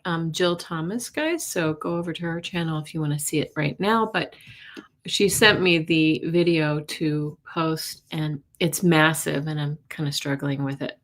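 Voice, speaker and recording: A woman's voice: deep voice, moderate pace, a bit bright. A woman hosting a casual live stream as a psychic reader, greeting viewers by name in a chatty way.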